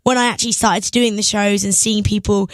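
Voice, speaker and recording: A woman's voice: medium pitch, steady tone, fairly quick, no echo. A young woman from England with an English accent, chatting casually as a guest in a radio interview, laughing often between thoughts. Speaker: guest singer.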